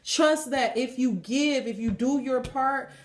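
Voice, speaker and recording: A woman's voice: high-pitched, unhurried, reverberant. A woman tarot reader giving a blunt, emphatic spiritual pep talk and leading affirmations, swearing freely.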